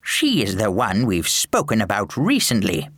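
A man voicing an old pastor in an audiobook, speaking slowly and preacherly. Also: fairly low pitch, huge pitch swings, fairly bright tone, slightly rough, no echo, studio quality, exaggerated voice. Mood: solemn. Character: old pastor, stern yet gentle with children. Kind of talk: audiobook narration with character voices.

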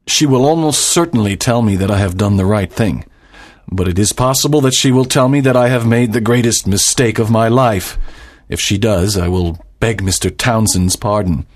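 A man's voice: lowish voice, normal speed, close to an everyday voice. A man voicing a stern, proud doctor and father in a dramatized audiobook, speaking formally and with emphasis.

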